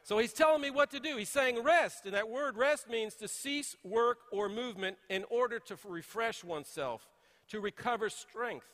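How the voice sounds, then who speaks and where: A middle-aged man preaching a sermon, telling folksy stories and swinging between hushed asides and emphatic points. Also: very high voice, moderate pace, long reverb tail. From Texas. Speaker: pastor. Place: church sanctuary.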